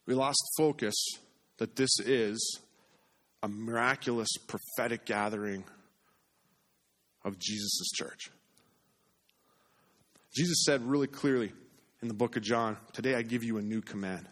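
A man preaching a sermon in an earnest way, repeating phrases for emphasis and dropping to a hush on key points. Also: mid-range voice, a little slow, long pauses. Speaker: pastor.

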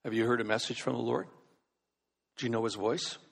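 A man's voice: mid-range voice, flat delivery, a little fast, gravelly, breathy edge. A man preaching a sermon as a pastor, speaking emphatically and asking his congregation questions, in a large church. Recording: long reverb of a large hall.

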